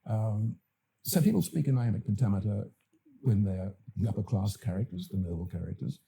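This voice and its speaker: An older Australian man, an actor and director, talking as a podcast guest in a thoughtful, halting way with many fillers and restarts. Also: lowish voice, creaky, warm tone, husky. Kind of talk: podcast interview.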